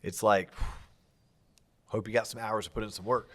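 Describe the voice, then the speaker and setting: A man hosting a podcast interview, asking curious questions with halting restarts. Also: on the low side, steady tone, fairly bright tone. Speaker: podcast host.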